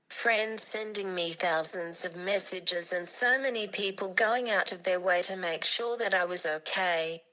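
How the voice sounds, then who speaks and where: A young woman blogger speaking through a speech device, with a synthetic robotic voice and steady, evenly read narration. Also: on the low side, low-quality recording.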